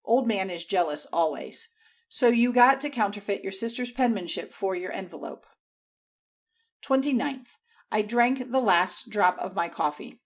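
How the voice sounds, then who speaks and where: A woman reads a diary aloud as audiobook narration, in a voice of middling pitch. Her delivery is theatrical, leaping up for exclamations and dropping into soft, hushed asides. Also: moderate pace. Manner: expressive, theatrical, with wide swings between bright exclamations and hushed asides. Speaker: audiobook reader.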